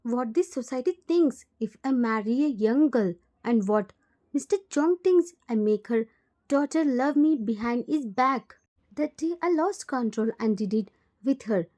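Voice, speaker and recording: A woman's voice: fairly high pitch, animated, unhurried, mellow. A woman with an Indian English accent voicing a remorseful uncle in his late forties, pleading and full of guilt.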